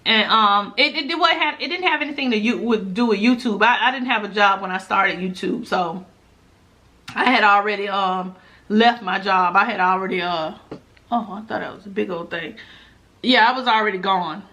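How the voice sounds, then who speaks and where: A woman's voice: mid-range voice, moderate pace, pushed and bright. A woman from Florida with a South Florida accent, chatting casually to her viewers as a mukbang vlogger, laughing often and saying "y'all.". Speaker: mukbang YouTuber answering viewer questions.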